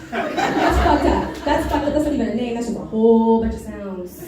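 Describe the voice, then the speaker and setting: A woman's voice: medium pitch, moderate pace, dark tone, recorded from a distance, slight background noise. Chatty young woman doing stand-up, echoey club. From Nicaragua. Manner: chatty, loses her place, laughs at her own jokes. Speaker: stand-up comedian. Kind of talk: stand-up comedy set. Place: comedy club stage. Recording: echoey club recorded from afar.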